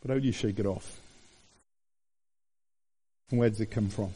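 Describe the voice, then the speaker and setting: A man in his fifties, from Wales, preaching a conversational sermon that swings between high exclamations and hushed asides. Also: moderate pace, breathy edge. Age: 50s.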